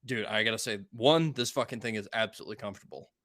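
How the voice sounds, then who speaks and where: A man's voice: fairly low pitch, fast talker, fairly bright tone, no room sound, studio quality. A tired man from Wisconsin co-hosting a podcast, chatting casually and bluntly with lots of swearing. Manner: blunt and profane, storytelling. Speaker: podcast co-host. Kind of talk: casual chat.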